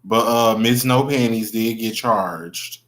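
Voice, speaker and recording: Young male livestream host, unhurried, bright tone, gossipy and chatty. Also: fairly low pitch. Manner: chatty, greets viewers by name, gossipy. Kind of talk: casual livestream chat.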